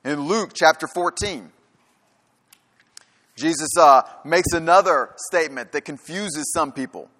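A man with a somewhat high, bright, forceful voice delivers a sermon from the pulpit. He drives his points home with rhetorical questions and repeated lines. His voice carries a long reverb through a big church hall. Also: unhurried, pauses often. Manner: preaching with rhetorical questions and emphatic repetition. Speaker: pastor.

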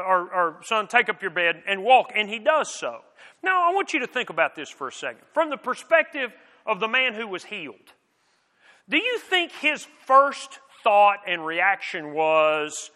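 Man preaching, earnest and conversational, high voice, church hall reverb. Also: sing-song, moderate pace, sharp tone. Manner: earnest and conversational, many restarts and rhetorical questions. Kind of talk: sermon. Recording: long reverb of a large hall.

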